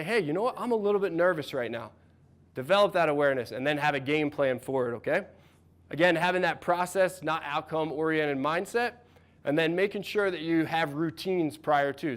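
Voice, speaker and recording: Man in his thirties, coach leading a workshop, upbeat and encouraging, slightly higher voice. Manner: energetic, encouraging, asks the room questions. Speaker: mental performance coach. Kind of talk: workshop talk to a live audience.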